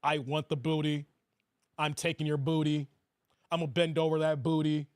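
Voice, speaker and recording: A leering older man with a voice that sits far lower than the speaker's own, as a man puts him on. He sounds smug and lusty, drawling slowly and repeating himself for laughs. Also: level tone, dry recording, studio quality, lightly acted. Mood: lustful. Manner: slow drawl with lines repeated for comic effect.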